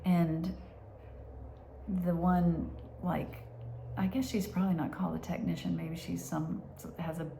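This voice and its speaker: A woman telling a personal story in a halting way, with many restarts and hushed asides. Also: fairly low pitch, little pitch movement, creaky, a little hiss or hum. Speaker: vlogger.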